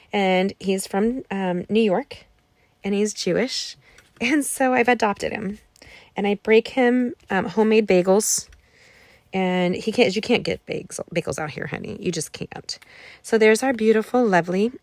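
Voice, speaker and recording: A woman in her forties talks viewers through a card-making project in a relaxed, chatty way, drifting into personal stories as she works. Her voice sits at a middle pitch. The sound is dry and close, with no room echo. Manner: chatty, storytelling asides while crafting. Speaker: craft class host. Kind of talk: live crafting demo chat.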